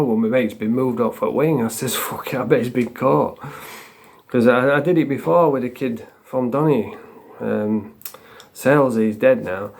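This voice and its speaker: A man's voice: mid-range voice, creaky. A man casually telling stories, rambling, swearing freely and chuckling as he goes. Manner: acts out quotes with shouts. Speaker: vlogger. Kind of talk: casual storytelling.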